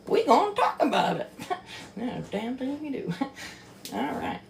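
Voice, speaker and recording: Woman commentator, unhurried, animated swings in pitch, swears and mocks freely. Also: vocal fry, heavy background noise. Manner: profane, exclamatory, mocking; laughs often. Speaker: book commentator. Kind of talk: casual reaction commentary.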